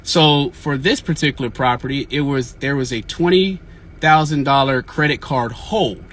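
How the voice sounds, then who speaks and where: A man's voice: medium pitch, moderate pace, fairly bright tone, a little hiss or hum. A man hosting a casual real estate Q&A livestream, outdoors and talking into a phone, sounding frustrated and repeating himself as he vents. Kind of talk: casual livestream chat, venting. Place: outdoors in the field.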